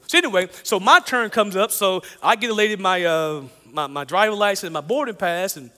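A man preaching a sermon, telling a personal story in an animated way, often repeating phrases and chuckling. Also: sits high, fast, long reverb tail.

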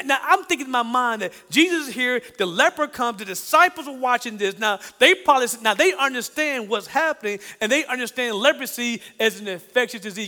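A man preaching a sermon in an animated way, asking the congregation questions and acting out the voices he quotes. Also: very high-pitched, in a large hall. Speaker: pastor.

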